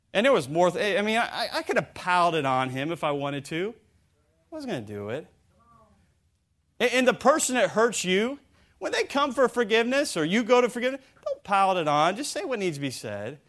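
A male preacher with a high voice gives a lively sermon. He stumbles over his words and restarts them, then acts out the people he quotes. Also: a little fast.

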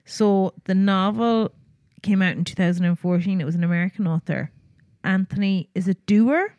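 A woman's voice: mid-range voice, fairly even intonation, normal speed, darkish tone, dry recording, dull audio. A young woman co-hosting a podcast in casual chat, talking on in a loose way with frequent laughs and sentences she leaves unfinished. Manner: chatty, laughs often, trails off mid-sentence. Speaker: podcast co-host.

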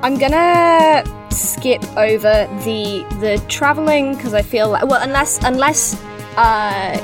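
A woman runs a tabletop game with a fairly high voice, often stopping mid-sentence to search for words and filling gaps with ums. Music plays clearly in the background. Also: takes it slowly. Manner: rambling, searches for words with many fillers. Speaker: game master.

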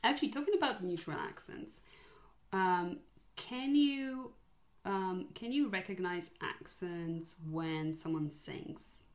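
A woman's voice: lowish voice, slow pace. Earnest young woman. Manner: hesitant, earnest storytelling with frequent laughs. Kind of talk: casual chat.

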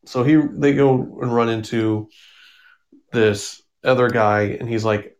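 A man's voice: mid-range voice, fairly even intonation, slow. A man casually recapping and reviewing comic books, rambling with ums and self-corrections.

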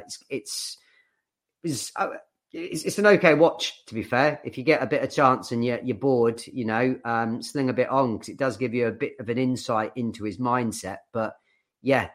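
A man's voice: medium pitch, fairly bright tone. A young man co-hosting a podcast, chatting loosely with lots of swearing and restarts. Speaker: podcast co-host. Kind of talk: casual chat.

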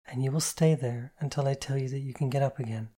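A reader voicing a stern yet tender woman in charge, speaking in quiet, low, measured commands. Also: steady tone, breathy edge, lightly acted.

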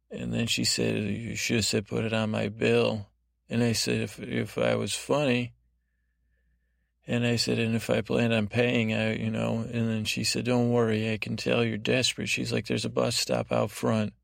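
A man hosting a podcast, telling a meandering, deadpan improvised bedtime story. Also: medium pitch, vocal fry, no echo, clean studio sound. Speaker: podcast host.

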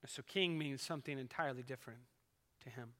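A man's voice: medium pitch, fairly quick, sharp tone. A man preaching a sermon as pastor, earnest and swelling and dropping in volume as he retells a scene. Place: church sanctuary. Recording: echoey church hall.

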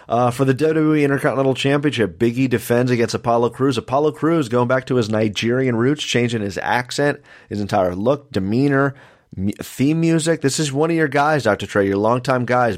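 A man hosting a wrestling podcast, running through match predictions in an announcer-like way. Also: mid-range voice. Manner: announcer-like, addressing listeners as folks. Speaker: podcast host.

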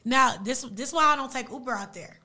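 A young woman whose first language is Arabic tells a story casually and with energy, her speech full of slang. Her voice sits fairly high and sounds bright and sharp. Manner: animated, slangy, fast retelling.

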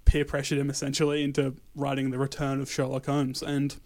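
A man's voice: medium pitch, completely flat delivery, fairly quick, darkish tone, no room sound. A man co-hosting a casual podcast, reading through a list with lots of laughing and stumbling over names. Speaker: podcast co-host presenting the year.

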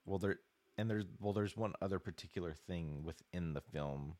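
A man with a low voice hosts a laid-back podcast conversation. He speaks easily and nudges the group on to the next subject. His delivery is unhurried and conversational. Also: darkish tone. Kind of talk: casual chat.

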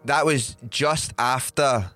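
A Scottish man hosting a podcast, telling an animated anecdote in casual chat and swearing freely. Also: mid-range voice, slow pace, soft background music. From Scotland. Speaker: podcast host.

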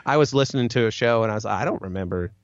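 A man's voice: lowish voice, very fast, highs cut off, heavy background noise. A man co-hosting a podcast, chatting casually and telling a rambling story with plenty of fillers. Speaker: podcast co-host. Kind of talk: casual chat.

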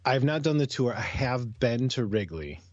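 A man's voice: mid-range voice, very animated, moderate pace, dry recording, lo-fi sound. A man co-hosting a sports podcast in a casual, jokey chat, often breaking off mid-sentence. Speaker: podcast co-host.

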